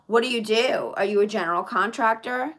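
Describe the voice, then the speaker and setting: A woman's voice: on the high side, a little fast, fairly bright tone. A woman live streaming in casual chat, reading viewer comments aloud and answering them in a chatty way.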